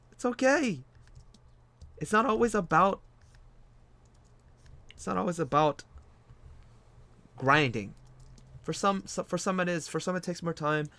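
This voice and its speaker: A man's voice: high-pitched, bright, forceful tone, dry recording. A man hosting a casual livestream while he works on artwork, rambling and repeating his phrases with frequent restarts. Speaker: streaming artist host.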